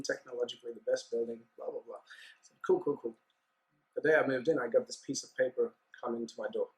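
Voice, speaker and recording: A man, a guest on a business podcast, telling his story in a relaxed, chatty way and acting out the dialogue. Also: mid-range voice, poor audio. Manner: animated anecdote-telling with acted-out dialogue. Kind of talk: casual storytelling interview.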